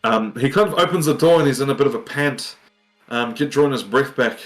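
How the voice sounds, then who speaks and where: A man's voice: medium pitch, brisk, faint music behind. A man narrating a tabletop game as dungeon master, hesitant and full of ums.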